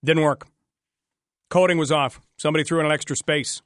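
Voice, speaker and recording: A man's voice: a little high, fairly even intonation, brisk, a bit bright, dry recording, clean studio sound. Chatty Canadian man hosting talk radio. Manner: chatty and sarcastic, jokes with mock voices. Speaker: radio talk show host.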